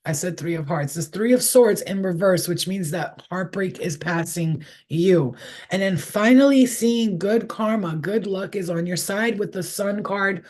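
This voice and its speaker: A woman's voice: medium pitch, a little slow, a little mellow. A middle-aged woman giving a casual tarot reading on a livestream, talking candidly with plenty of swearing and rambling stories. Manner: profane, candid, rambling storyteller. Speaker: tarot reader. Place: indoors, in her room.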